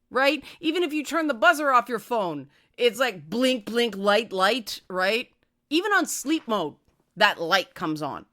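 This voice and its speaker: A woman hosting a talk show, giving direct, conversational advice and often tagging her points with a questioning "right?". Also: bright, forceful tone. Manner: acts out quoted voices with raised pitch. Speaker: podcast host.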